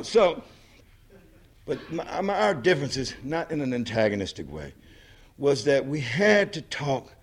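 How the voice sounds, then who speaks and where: A man giving an impassioned public speech as a political activist, emphatic and rhythmic, repeating his phrases and swinging between loud and soft. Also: medium pitch, slightly rough. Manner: emphatic, rhythmic, repetitive oratory with wide swings in loudness.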